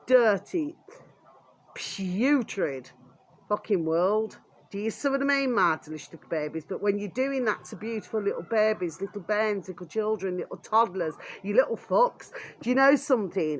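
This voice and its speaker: Her voice medium-pitched and a bit bright, a British vlogger angrily rants to her channel. She swears nonstop, keeps falling back on "there we are," and is coarse and blunt throughout.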